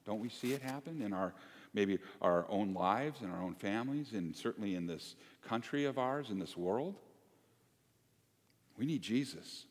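Animated male pastor in an echoing church. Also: fairly low pitch, normal speed. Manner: conversational and animated, joking asides to the congregation. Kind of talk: sermon. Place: church sanctuary. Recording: long hall reverb.

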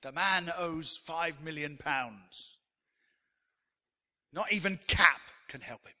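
A man's voice: a little high, takes it slowly, bright, forceful tone, long reverb tail. A man preaching a sermon as pastor, emphatic, and leading the congregation in call-and-response.

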